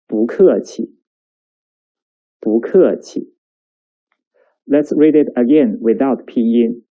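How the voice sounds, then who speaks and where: A woman leads a recorded lesson at an unhurried pace. Her voice is deep and mellow, never bright. She says words slowly and carefully so the student can repeat them. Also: low-quality recording. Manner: slow, careful enunciation with drills for the listener to repeat. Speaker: Chinese language teacher.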